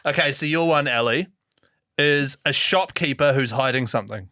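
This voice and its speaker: A male podcast host chats casually and cracks jokes with his co-hosts. His voice is bright and close on a dry mic. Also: medium pitch, moderate pace, dry recording. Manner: jokey, laughs often. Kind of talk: casual chat.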